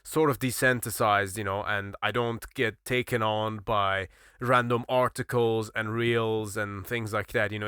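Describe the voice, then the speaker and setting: A man's voice: on the low side, bright, forceful tone, smooth, no echo, studio quality. A man on a podcast chatting casually, swearing freely and laughing often as he tells a story.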